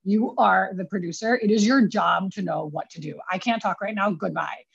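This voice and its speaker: A woman's voice: medium pitch, normal speed, gravelly, background noise, natural voice. A woman doing a curt busy producer. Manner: curt, firm. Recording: dull lo-fi recording.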